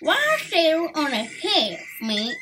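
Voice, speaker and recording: Lady doing a loud raccoon boss, high and shouty, bragging. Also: huge pitch swings, takes it slowly, background noise, exaggerated voice. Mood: swaggering. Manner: loud, swaggering, laughing coarsely. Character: boastful male raccoon pirate leader, coarse rogue.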